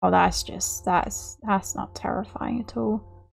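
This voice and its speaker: A woman's voice: mid-range voice, steady tone, slow, gravelly, husky, faint music behind. A young woman giving gameplay commentary as a channel host, apologetic and self-mocking, often laughing at her own work.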